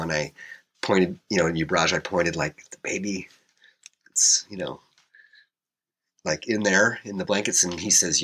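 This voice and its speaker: Deep man, husky, bright tone, casual rambling interview story. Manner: rambling, many fillers and restarts. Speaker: helicopter pilot guest.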